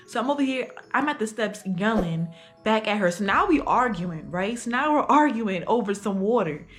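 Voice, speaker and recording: A woman's voice: a little high, lively intonation, moderate pace, a bit bright. A young adult woman telling a casual storytime for her vlog, talking in slang with lots of fillers. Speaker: vlogger.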